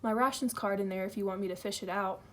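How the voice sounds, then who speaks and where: A woman's voice: medium pitch, fairly even intonation, fast, lightly acted. Woman putting on a posh breezy spy guy, totally unbothered. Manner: airy and upper-class, unbothered. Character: breezy, posh-sounding adult male suspected spy.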